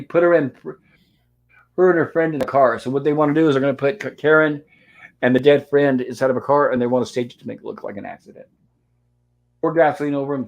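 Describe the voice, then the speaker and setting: A man at a mid-range pitch hosts a live panel movie review. He retells the film step by step, reading lines aloud as the scenes play. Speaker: host.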